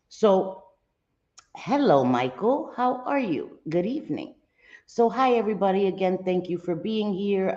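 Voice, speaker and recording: Low mellow woman on a phone livestream, saying hi to chat between thoughts, echoey room. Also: lo-fi sound. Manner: greets viewers by name between thoughts, many ums; earnest, candid commentary. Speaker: livestream host.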